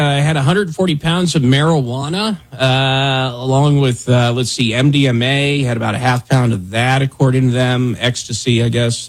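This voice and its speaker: A man hosting a radio talk show speaks at medium pitch with a breathy edge. His banter is casual and meandering, heavy on "dude" and "man."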